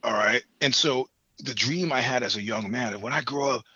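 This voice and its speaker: Rambling, laughing man, bright husky tone. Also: medium pitch, normal speed, no room sound, dull audio. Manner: rambling, profane, laughs between points. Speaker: podcast guest. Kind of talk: casual chat.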